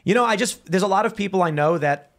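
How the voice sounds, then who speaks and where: Higher-voiced male podcast host telling stories. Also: fast talker. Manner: animated storytelling with many restarts. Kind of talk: casual studio talk show.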